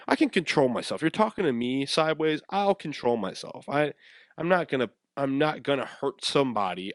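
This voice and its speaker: A man's voice: mid-range voice, no echo, studio quality. A young man hosting a podcast, casually telling a story with frequent laughs and repeated words. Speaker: podcast host.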